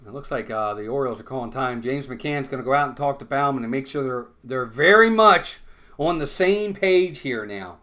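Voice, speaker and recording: A man calling a live baseball game play-by-play, conversational and quick to get worked up over big plays and errors. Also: mid-range voice. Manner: conversational, excitable on big plays, blunt criticism. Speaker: fan play-by-play commentator.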